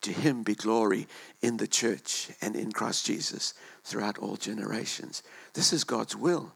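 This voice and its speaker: Gravelly preacher swinging loud to hushed. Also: male voice, medium pitch, animated, moderate pace. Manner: impassioned, swinging between loud and hushed, repeating words. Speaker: pastor. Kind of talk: sermon. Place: church.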